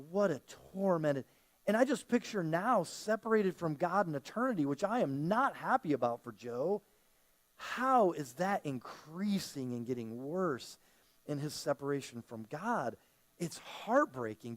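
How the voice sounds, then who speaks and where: Pastor, male, fairly high voice; loose, chatty sermon delivery that slips into quoted voices. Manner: conversational preaching that often acts out quoted voices.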